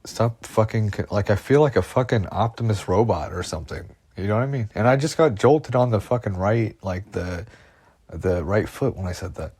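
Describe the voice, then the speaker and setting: A man's voice: on the low side, lively intonation, moderate pace, a little mellow, husky, no echo. A man rambling anxiously into a phone voice memo, swearing and repeating himself as he goes. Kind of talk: rambling personal monologue.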